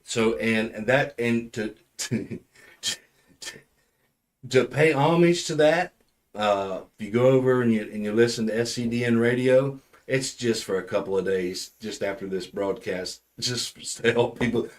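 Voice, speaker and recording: A man's voice: mid-range voice, unhurried. A man hosting a podcast, telling a funny story in casual chat, rambling and restarting often. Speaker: podcast host.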